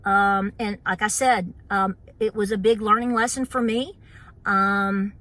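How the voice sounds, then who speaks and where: Bright-voiced Appalachian woman chatting. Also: mid-range voice, steady tone, a little slow. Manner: chatty, many fillers, playful mock voices. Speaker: homestead channel host. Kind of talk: casual chat to camera.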